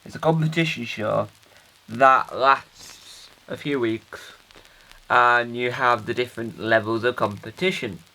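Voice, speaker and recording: In a low-quality recording, a man from the United Kingdom plays a sincere, rambling father making a halting video diary for his children, constantly cutting himself off. It's a comic character monologue in a mid-range, sharp-toned voice at a measured pace.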